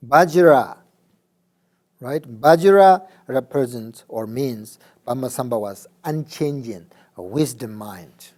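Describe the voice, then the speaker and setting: Male dharma teacher; slow, halting delivery, frequent check-ins. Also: mid-range voice, expressive, darkish tone. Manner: halting, many fillers, checks understanding. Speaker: Buddhist teacher.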